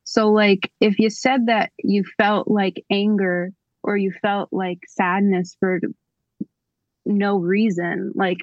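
A young adult woman, a singer-songwriter guest, speaking in relaxed casual chat full of fillers. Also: medium pitch, slow pace, no room sound, muffled recording. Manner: relaxed, filler-heavy, reassuring.

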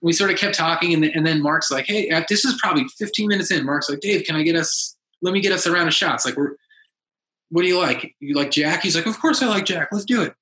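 A man telling a story in casual chat, lively and acting out the quotes of others in a raised voice. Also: fairly high pitch, fast talker. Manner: animated, acts out quotes in a raised voice. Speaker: podcast guest, musician. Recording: echoey room.

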